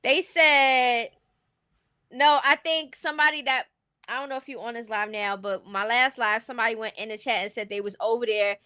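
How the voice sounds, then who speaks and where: Blunt, bright-voiced woman streamer. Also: fairly high pitch, fairly even intonation, moderate pace, smooth, dry recording, clean studio sound. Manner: blunt, opinionated, laughs while talking. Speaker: commentary streamer. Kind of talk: casual livestream commentary.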